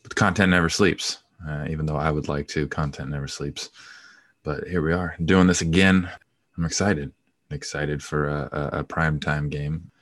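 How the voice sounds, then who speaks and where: A man co-hosting a sports podcast, talking in a relaxed, casual way. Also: a bass voice, normal speed, no room sound, studio quality. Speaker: podcast co-host.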